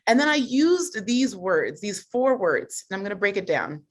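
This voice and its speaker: A woman's voice: medium pitch, big pitch swings, normal speed, hardly any pauses. A woman leading a live personal growth coaching call, upbeat and chatty, laughing often as she talks.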